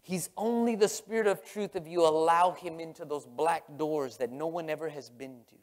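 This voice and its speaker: A man preaching as pastor, impassioned and emotional, with a Texan accent, his voice dropping to a hush and then rising. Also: fairly high pitch, normal speed. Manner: impassioned, swinging from hushed to loud. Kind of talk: emotional sermon. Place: large church sanctuary. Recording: long hall reverb.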